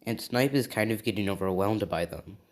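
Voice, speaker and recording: A man improvising a fan-made story out loud, chaining events loosely with many "and he says" links. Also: on the low side, a little fast.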